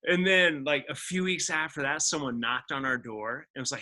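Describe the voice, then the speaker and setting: Bright-voiced man telling his story. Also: on the high side, moderate pace. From Indiana, USA. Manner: animated storyteller who acts out other people's lines, many fillers like "like". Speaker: podcast guest, actor. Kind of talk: personal storytelling in a conversation.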